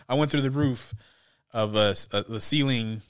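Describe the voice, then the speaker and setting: A man's voice: medium pitch, moderate pace, smooth, no room sound, studio quality. A man co-hosting a podcast in casual chat, rambling with lots of laughs and acted-out quotes. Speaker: podcast co-host.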